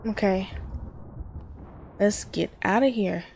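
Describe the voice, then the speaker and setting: Slow gravelly woman gaming. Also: medium pitch, darkish tone. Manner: jumpy, talks to herself, exclaims often. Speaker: gamer. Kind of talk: horror let's play commentary.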